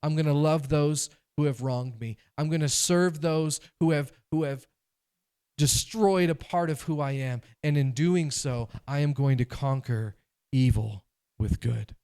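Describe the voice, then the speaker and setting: A man delivers a sermon from the pulpit in an animated, conversational way. His voice sits a touch higher than most men's, and he acts out quoted voices as he goes. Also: a little slow, smooth. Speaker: pastor.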